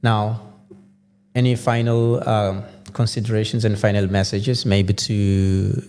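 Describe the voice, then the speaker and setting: A male show host with a fairly low, relaxed and mellow voice. He asks his guest questions in a casual way and tends to repeat words as he nudges for answers. The sound carries a long room reverb, with a faint hum underneath. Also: a little slow. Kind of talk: casual interview.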